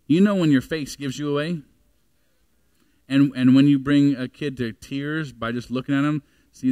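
A man's voice: mid-range voice, darkish tone, no room sound. A man in his forties preaching a sermon in a church, talking conversationally and asking the congregation questions. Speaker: pastor. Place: church sanctuary.

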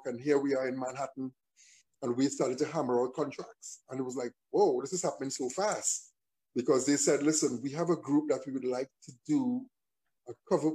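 Speaking at medium pitch, this songwriter and performer shares a story during a casual, conversational interview. He regularly breaks off and restarts phrases as he works out what to say.

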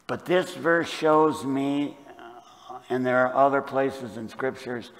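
A man with a Midwestern American accent preaching a sermon as pastor, moving between lively storytelling and quiet, earnest emphasis. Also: slow. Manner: storytelling, swings from loud animated retelling to low quiet emphasis. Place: church sanctuary. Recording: long church hall reverb.

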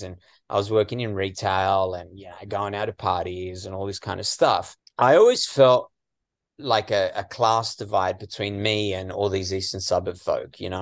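Gravelly Australian man telling stories. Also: fairly low pitch, no echo, studio quality. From western Sydney, Australia. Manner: chatty, many "you know"s, lively asides. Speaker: comedian guest. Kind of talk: casual storytelling interview.

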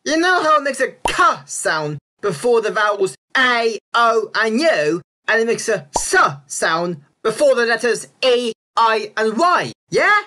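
A woman talks through an explainer video over slides in a casual, chatty way, often checking in with a rising "yeah?". Her voice is bright and her pitch moves around a lot as she explains. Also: animated, unhurried, few pauses. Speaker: video creator explaining spelling reform.

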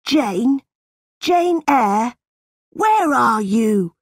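A woman's voice: fairly high pitch, very animated, moderate pace, darkish tone, slightly rough, no room sound, studio quality. A woman voicing a spoiled, bullying boy who bosses and whines. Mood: bossy. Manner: bossy, whining.

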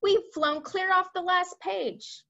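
A woman voicing a panicky, blustering air force chief who shouts. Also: on the high side, expressive, unhurried, highs cut off, exaggerated voice. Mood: outraged.

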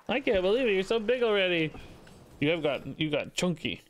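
A man's voice: sing-song, a little fast, a little hiss or hum. A man streaming a card game live, chatting casually and cooing in baby talk between his commentary on the game. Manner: bouncy, sing-song pitch jumps.

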